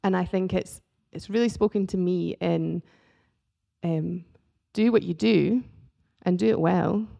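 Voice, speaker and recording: A woman artist talking as a guest in a casual chat about faith and creativity, with a soft, gravelly voice. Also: on the low side, unhurried.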